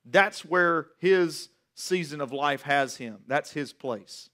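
A man in his forties preaching a sermon as pastor, animated and repeating words as he builds each point. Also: fairly high pitch, takes it slowly.

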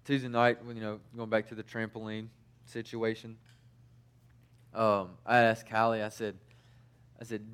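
A man's voice: lowish voice, flat delivery, normal speed, pauses often, a bit bright, clear, resonant tone. A man preaching a sermon in a casual, conversational way, telling personal stories with many fillers and restarts.

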